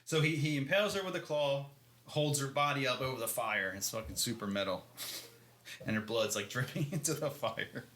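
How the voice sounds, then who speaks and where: A man's voice: mid-range voice, brisk, fairly bright tone, a little hiss or hum. A man co-hosting a podcast, recapping a book in loose, rambling casual chat, swearing and laughing often. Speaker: podcast co-host. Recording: echoey room.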